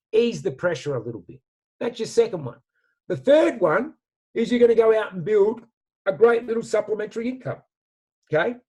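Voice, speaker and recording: A man speaks with lively, slangy enthusiasm, pitched a little high for a man. He sounds like a motivational speaker telling stories over a video call. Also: breathy edge. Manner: animated, storytelling with slang. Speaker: guest speaker. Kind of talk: motivational talk.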